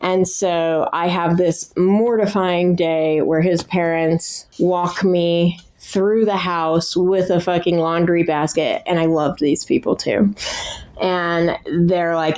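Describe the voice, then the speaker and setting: A woman's voice: on the low side, steady tone, slow, darkish tone. A young woman, a podcast guest, telling her recovery story candidly with blunt swearing and frequent fillers.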